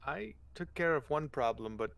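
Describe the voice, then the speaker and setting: A man playing a tabletop game who explains things in a halting way. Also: a little high, lively intonation, creaky, a bit bright, slight background noise. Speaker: player.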